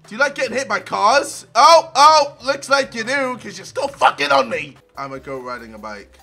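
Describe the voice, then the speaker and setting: A young man giving loud, profane gameplay commentary, shouting and yelping at the game. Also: very high-pitched, big pitch swings, normal speed, gravelly, soft background music. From England. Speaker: gaming video creator.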